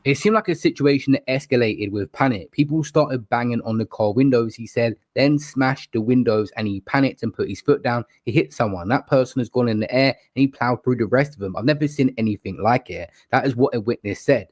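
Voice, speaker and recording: Guy rattling off news updates fast, dry sounding. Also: mid-range voice, dry recording. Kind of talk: news-style narration.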